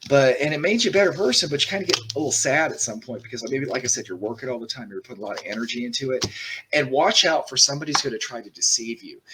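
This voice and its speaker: A man's voice: mid-range voice, a bit bright, a little hiss or hum, low-quality recording. A man giving a casual tarot reading straight to the viewer, rambling and reassuring as he talks. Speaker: tarot reader.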